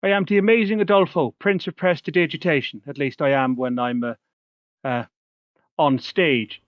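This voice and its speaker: A man's voice: on the high side, moderate pace, dry recording, muffled recording, close to an everyday voice. A man playing a pompous stage magician. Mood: grand. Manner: pompous, flowery. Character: showy male stage magician, grandiloquent.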